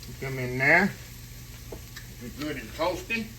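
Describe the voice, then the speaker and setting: This cooking-channel host has a mid-range, animated voice and keeps a measured pace as he chats with viewers from his kitchen stove. He's rambling and conversational, calling people "y'all" again and again. Recorded on a camera on a tripod, the clip carries background noise and a loud frying sizzle from the skillet.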